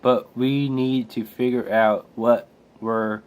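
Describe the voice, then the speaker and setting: A man reading a worried heroine's lines from a comic in his own slow voice, without changing it. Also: mid-range voice, level tone, smooth, natural voice. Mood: earnest.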